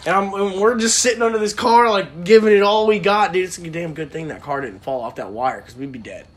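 A man's voice: high-pitched, brisk. A young man, a podcast co-host, telling a casual profane story with frequent laughter.

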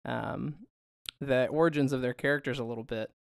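A man's voice: medium pitch, steady tone, a little fast, creaky, clean tone, dry recording, clean studio sound. A man co-hosting a podcast in casual chat, talking in a loose, rambling way with frequent laughs and fillers. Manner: chatty, laughs often, trails off with fillers. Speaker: podcast co-host.

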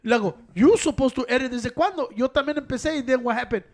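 Fast-talking high-voiced man. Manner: blunt, profane, says güey constantly. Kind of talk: casual chat, mixing Spanish and English.

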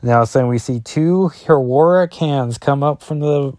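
Brief: man in his forties, rambling casual comic recap, plain mid pitch, dry close sound. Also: normal speed, darkish tone, dry recording. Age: 40s. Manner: rambling, with fillers and asides. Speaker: comic book reviewer.

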